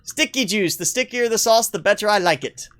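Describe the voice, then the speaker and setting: A man's voice: high-pitched, expressive, fairly quick, fairly bright tone. A man doing a mock Italian-style voice for a cheerful cartoonish plumber hero, exclaiming playfully. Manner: exaggerated mock accent, exclaiming.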